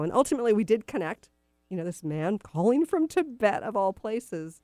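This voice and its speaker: A woman's voice: medium pitch, expressive, moderate pace, dark tone, no room sound, clean studio sound. A middle-aged woman hosting a radio talk show, telling personal stories in a chatty, meandering way with many fillers. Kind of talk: casual storytelling on talk radio.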